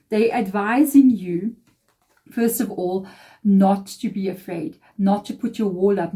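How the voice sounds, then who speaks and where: A woman reads tarot cards for her viewers in a reassuring, emphatic way and often acts out little quoted reactions. Her voice is mellow and warm, sitting at a middle pitch for a woman. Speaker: tarot reader. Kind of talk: tarot reading to camera.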